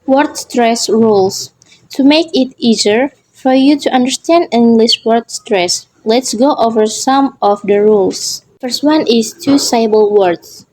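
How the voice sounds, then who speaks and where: A woman presenting a pronunciation lesson, reading in a slow, measured way. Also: a little high, a little mellow, rough recording. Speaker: student presenter.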